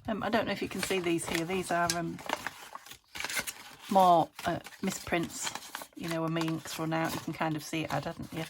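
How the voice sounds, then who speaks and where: A British woman talks through her crafting at home, thinking aloud and drifting into soft, half-muttered asides. Her voice sits on the lower side and carries a gravelly fry. A steady background noise runs under the recording. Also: moderate pace. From United Kingdom. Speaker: craft vlogger. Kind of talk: casual chat while crafting.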